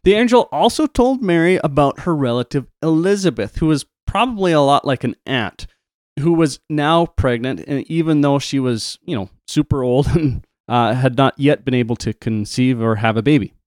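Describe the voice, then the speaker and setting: A man's voice: medium pitch, lively intonation, a little mellow, no echo. Dry, close-miked man reading scripture. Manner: measured reading, playful asides. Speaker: co-host reading Bible passages. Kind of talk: Bible story retelling with scripture reading.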